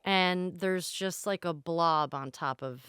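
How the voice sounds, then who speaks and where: Co-hosting a podcast, a woman slowly tells a candid, rambling story, throwing in self-deprecating asides as the two chat casually. Her voice is on the low side and a bit bright, with a clean tone, no room sound, and studio quality.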